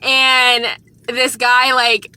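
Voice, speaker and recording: In a dry recording, a woman vlogger with a fairly high, sharp, smooth voice speaks very slowly and in a monotone. She earnestly recounts an unsettling encounter in a rambling, casual storytime and warns viewers to be careful.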